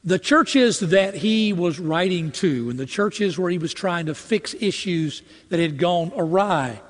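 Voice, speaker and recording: High-voiced preacher in an echoing hall. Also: male voice, lively intonation, a little slow. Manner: earnest, rising to impassioned emphasis, with repetitions. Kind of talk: sermon.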